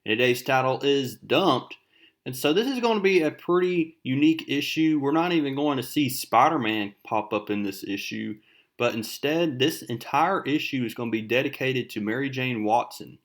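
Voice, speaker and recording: A man's voice: mid-range voice, animated, normal speed. Chatty young man recapping a comic. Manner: chatty, loose storytelling with fillers. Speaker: comic book video host.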